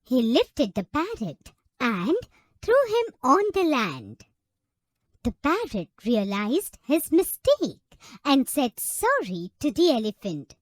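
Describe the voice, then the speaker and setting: A woman narrating a children's story in a slow, expressive, sing-song manner. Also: high-pitched, no room sound, studio quality.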